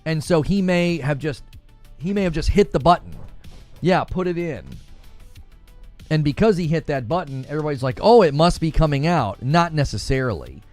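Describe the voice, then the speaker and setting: A man's voice: fairly high pitch, moderate pace, soft background music. A middle-aged man hosting a casual gaming livestream, talking through news and reading out viewer comments with frequent chuckles. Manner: animated, conversational, chuckles often.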